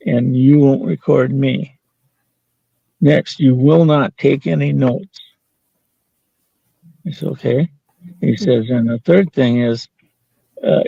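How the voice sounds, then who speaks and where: A man's voice: mid-range voice, vocal fry, mellow, slightly rough, no echo, lo-fi sound. An older man telling a story as an interview guest, quoting the people in it and laughing now and then. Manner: anecdotal, quoting others in dialogue, with laughs.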